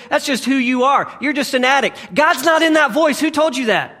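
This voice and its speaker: Man preaching, high voice, bright and forceful, repeated rhetorical questions, loud-to-hushed swings. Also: expressive, brisk, hardly any pauses. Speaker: pastor. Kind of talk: sermon.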